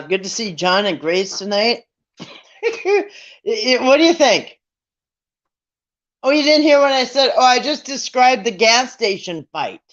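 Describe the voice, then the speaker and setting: Chatty streamer rambling on, acting out the quotes, kinda muffled lo-fi audio, middle pitch. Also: fairly bright tone. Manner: rambling storyteller who acts out quotes. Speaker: live streamer greeting viewers. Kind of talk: casual live-stream chat.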